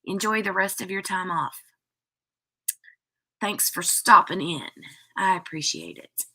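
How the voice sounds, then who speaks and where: A woman's voice: on the low side, measured pace, bright, forceful tone, breathy edge. A woman hosting a craft live stream, chatting casually with viewers in a rambling way full of "like" and "um".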